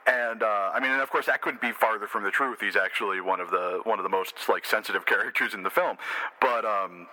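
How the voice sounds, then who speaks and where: Very bright-voiced animated man. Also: fairly low pitch, fairly quick, low-quality recording. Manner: animated, laughing, swears. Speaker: podcast co-host. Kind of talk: casual film-review chat.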